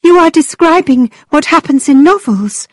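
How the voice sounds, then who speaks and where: A woman voicing an excitable young woman who speaks in a high, quavering voice with nervous eagerness. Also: normal speed, dry recording, clean studio sound. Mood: trembling.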